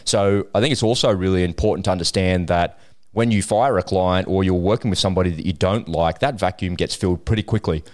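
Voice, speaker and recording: Aussie bloke hosting a podcast, really deep voice, laid back and chatty. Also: male voice, brisk. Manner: chatty storyteller, relaxed and encouraging. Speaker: podcast host. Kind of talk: casual business podcast chat.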